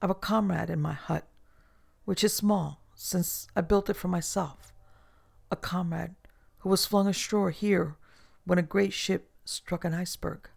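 A man's voice: high-pitched, steady tone, unhurried, gravelly, full character voice. A man voicing a surly old castaway. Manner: surly, terse, archaic.

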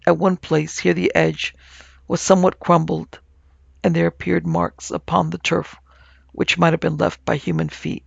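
A man narrating a ghost story for an audiobook in a measured, even-toned way. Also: a little high, gravelly, slightly rough, no room sound, muffled recording. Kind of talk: scripted narration.

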